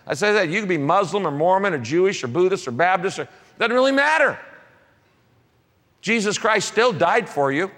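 A man preaching a sermon as pastor, emphatic, repeating key phrases and moving between soft and raised delivery. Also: sits high, lively intonation, normal speed, big-room sound.

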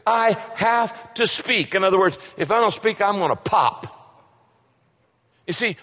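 A man's voice: high-pitched, a bit bright. A middle-aged man preaching a sermon as a pastor, emphatic and repetitive, asking rhetorical questions. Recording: long hall reverb.

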